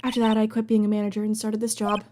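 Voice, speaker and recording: A woman voicing a composed, earnest young woman exhibition manager in a video game read-through, measured and formal. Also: mid-range voice, completely flat delivery, noisy background, close to an everyday voice.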